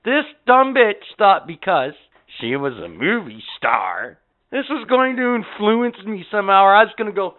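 A man hosting a podcast, telling an anecdote casually with lots of swearing and animated delivery. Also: high-pitched, normal speed. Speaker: podcast host. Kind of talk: casual storytelling. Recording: tinny phone-like sound.

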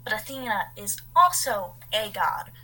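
A woman's voice: medium pitch, sing-song, measured pace, bright, forceful tone, rough recording. A woman co-hosting a podcast, telling a story in a casual, rambling way as she reads from her notes and adds asides. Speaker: podcast co-host.

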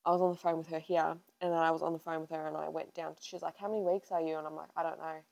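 A woman in her twenties chats casually on a podcast, her voice sitting a little low. She tells a personal story in a chatty way and acts out what she said back then. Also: level tone, racing, creaky, a little mellow, low-quality recording. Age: 20s. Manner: chatty storytelling, acting out her own past lines. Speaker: podcast co-host. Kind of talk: casual chat.

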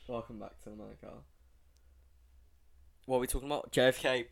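A man's voice: mid-range voice, fairly even intonation, fairly quick, creaky. A young man co-hosting a casual podcast, laid-back and crude, swearing freely. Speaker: podcast co-host. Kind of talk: casual joking podcast chat.

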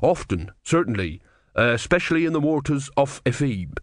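A man's voice: mid-range voice, big pitch swings, no room sound, studio quality, pitched above the performer's own voice, natural voice. A man voicing a nervous, blundering male ship's captain who halts and stumbles in folksy speech. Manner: flustered, halting, folksy. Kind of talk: audiobook character voice.

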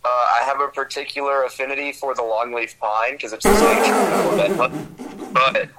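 Young man rambling in bright tone. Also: mid-range voice, moderate pace, rough recording. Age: young adult. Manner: rambling, hesitant, laid-back. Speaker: podcast guest. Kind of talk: casual chat.

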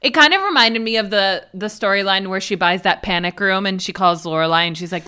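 Bright, clear-voiced woman recapping a show. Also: brisk, hardly any pauses. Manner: animated, acts out quoted lines with big pitch jumps. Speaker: podcast co-host. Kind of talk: casual chat, recapping a TV episode.

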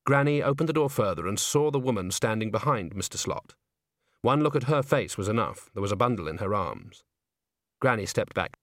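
A man narrating a comic fantasy novel in a wry, measured storytelling voice. His pitch is middle but rises and falls with lively expression. The recording is dry and close. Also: no echo. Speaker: audiobook narrator. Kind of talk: scripted narration.

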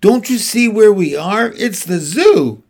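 A sensible, practical older girl, as a man reading a storybook puts her on, coaxing and level-headed. Her voice sits slightly high and moves lively through each phrase. She keeps a slow, careful pace. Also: heavily acted.

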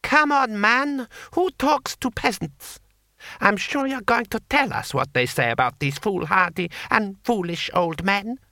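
A man voicing an imperious, cold-tempered male warlord who sneers and snarls in a high, tight voice. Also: expressive, measured pace, sharp tone, no echo, clean studio sound, heavily acted. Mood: shrill, sneering.

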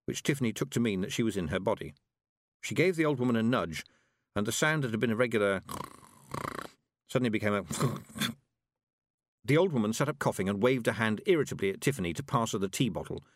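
A man reading a fantasy novel aloud with a lively, expressive lilt that rises and falls. His voice sits at a middle pitch. The recording is dry and close, with no room sound. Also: quick pace, pauses often, no room sound. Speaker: audiobook narrator. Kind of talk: scripted narration.

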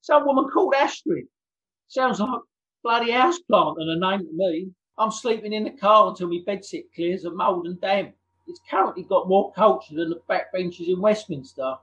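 Man playing a blunt skinhead, crude cheeky bloke, high voice, lo-fi call audio. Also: moderate pace, a bit bright. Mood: rueful. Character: rough working-class male skinhead, down on his luck, blunt. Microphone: video call.

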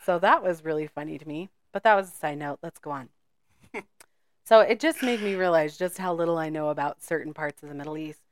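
A woman co-hosting a podcast in casual chat, talkative and quick to laugh, wandering off into side notes. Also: low-pitched. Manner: chatty, laughs often, goes off on side notes. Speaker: podcast co-host.

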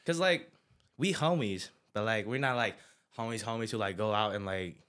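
A young man hosting a casual podcast chat, slangy and a little nervous, with quick laughs. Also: fairly low pitch, a bit bright. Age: young adult. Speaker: podcast host.

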